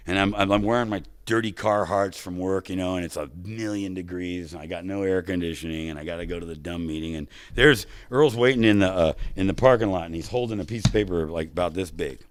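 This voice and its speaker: Low-voiced man sharing his story. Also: no room sound. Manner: emotional, animated storytelling. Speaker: recovery meeting speaker. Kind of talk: personal testimony talk. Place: convention hall stage.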